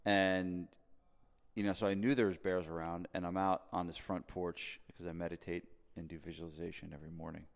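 A podcast host, a man from New Jersey, chatting casually, with fillers and restarts throughout. His voice sits a bit low with a gravelly edge. The room leaves a long reverb tail behind his words. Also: brisk. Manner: rambling, filler-heavy, animated when making a point. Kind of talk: casual storytelling chat.

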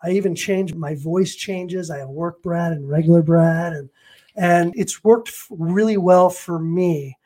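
A Los Angeles man in his fifties, a real estate agent and coach, speaks a little slowly in a fairly high voice with a dark tone. As an interview guest he tells stories, acting out phone calls and quotes.

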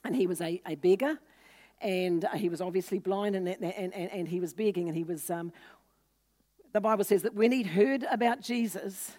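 A woman's voice: normal speed, warm tone. A woman preaching a sermon, teaching earnestly and acting out scripture scenes with lifted voices for quoted speakers. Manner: voices quoted people with lifted pitch and force.

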